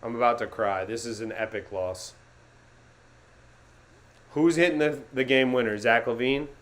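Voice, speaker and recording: A young man hosting a live sports reaction stream, swinging from gloomy muttering to excited yelling and talking to his chat. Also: medium pitch, normal speed. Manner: talks to chat viewers by name.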